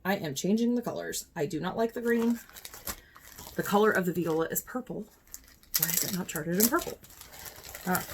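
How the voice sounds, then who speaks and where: A woman chats casually to her phone camera while showing off her cross-stitch projects, often correcting herself and talking to herself as she handles them. Her pitch is fairly low, with slight background noise.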